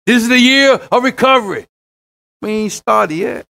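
A man preaching a sermon as pastor, rising into shouts and then dropping to near hushes. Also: very high voice, normal speed, gravelly. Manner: preaching with rising shouts and sudden quiet drops.

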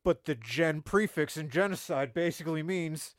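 A man with a slightly high voice co-hosts a loose comedy podcast, rambling through jokes and dropping swear words as he goes. He sits close to the mic in a dry, deadened basement room, so every word lands up front. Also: normal speed, no echo. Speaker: podcast co-host. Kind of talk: casual comedy banter. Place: basement studio.

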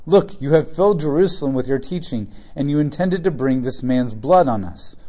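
A Bible teacher reads a scripture passage aloud, then pauses to explain it in casual, joking asides. His medium-pitched voice has a dark tone and is animated, at normal speed.

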